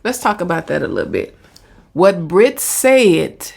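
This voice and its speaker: Slow, gravelly woman commentator. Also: fairly low pitch, huge pitch swings, a little mellow. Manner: blunt, repeats herself, talks back to the clip. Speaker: commentator reacting to a video. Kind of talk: casual reaction commentary.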